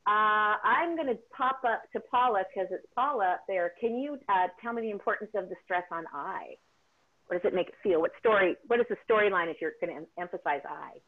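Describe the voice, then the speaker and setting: A woman's voice: medium pitch, a little fast. A woman vocal coach running an online singing workshop, encouraging and chatty, with frequent ums and restarts. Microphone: video call. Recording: tinny phone-like call audio.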